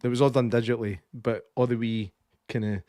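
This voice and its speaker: A man's voice: mid-range voice, steady tone, a little fast, dark tone, dry recording, clean studio sound. A Scottish man co-hosting a podcast, chatting casually about a film, who rambles, loses his words and swears in passing. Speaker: podcast co-host. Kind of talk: casual film-review chat.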